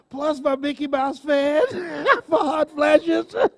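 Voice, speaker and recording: A man in his sixties giving a live motivational speech on stage, animated and laughing often as he talks to the audience. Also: very high-pitched, very slow. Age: 60s. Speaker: motivational speaker.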